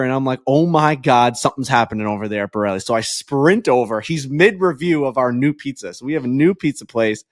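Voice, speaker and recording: A man co-hosting a podcast, telling a story in a casual, excitable way and swearing freely. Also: mid-range voice, dry recording, clean studio sound. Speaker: podcast co-host. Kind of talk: casual chat.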